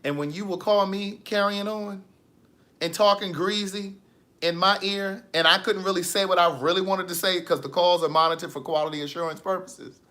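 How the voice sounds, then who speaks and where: A man hosting a casual live stream, reading viewer comments with sassy, animated storytelling. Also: high voice.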